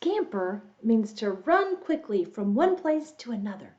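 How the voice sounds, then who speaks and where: A woman with a mid-range, mellow, sing-song voice teaches English to little kids by telling a story. Her delivery is slow, playful and exaggerated, the way teachers talk, with animal sound effects thrown in. The sound quality is lo-fi.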